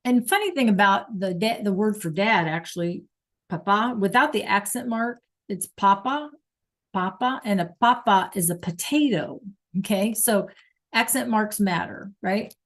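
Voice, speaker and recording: A woman's voice: medium pitch, unhurried. Woman teaching Spanish on a video call. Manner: patient, checks in with students often. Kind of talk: online class lesson.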